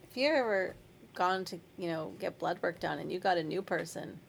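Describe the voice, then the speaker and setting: A woman's voice: lowish voice, animated, normal speed, vocal fry, a little hiss or hum. A woman chatting casually, laughing often as she tells stories. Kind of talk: casual podcast chat.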